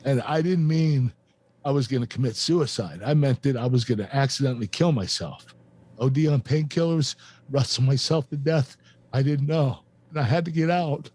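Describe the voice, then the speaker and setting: A man's voice: mid-range voice, darkish tone. Earnest man telling a hard story. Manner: earnest, halting, many fillers and restarts. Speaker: podcast host and former wrestler. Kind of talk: emotional personal storytelling.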